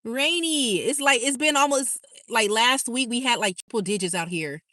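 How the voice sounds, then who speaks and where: A woman's voice: a little high, normal speed, pushed and bright, dry recording, clean studio sound. A woman hosting a casual livestream, reading out viewer comments in a bubbly, chatty way and laughing often. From California. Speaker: livestream host.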